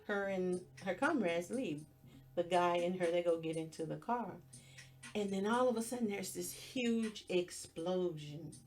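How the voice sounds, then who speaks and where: Slow, low-voiced woman recapping a show. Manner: storytelling, plainly retells scenes step by step. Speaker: podcast host. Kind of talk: casual movie recap.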